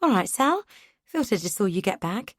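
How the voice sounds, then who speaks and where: A woman's voice: mid-range voice, sing-song, normal speed, dry recording, clean studio sound. A woman voicing a cheerful, chatty female neighbor in a friendly, breezy tone.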